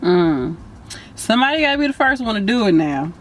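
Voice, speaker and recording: A woman's voice: mid-range voice, sing-song, brisk. A woman hosting a casual interview, emphatic and encouraging as she addresses her viewers. Her voice sits mid-range, with faint noise behind it. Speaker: host.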